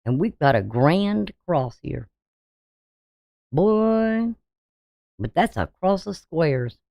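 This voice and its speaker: A woman's voice: lowish voice, sing-song, drawn-out words, vocal fry, dry recording, highs cut off. A woman astrologer giving a forecast in an emphatic, preachy way, firing off rhetorical questions at her viewers. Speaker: astrologer and tarot reader.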